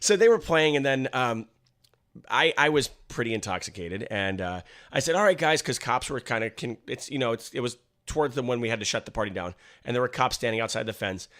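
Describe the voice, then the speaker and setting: A young man co-hosting a casual podcast with a bright, forward voice. His pitch swings widely as he tells his story, animated and often laughing. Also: a little fast. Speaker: podcast co-host.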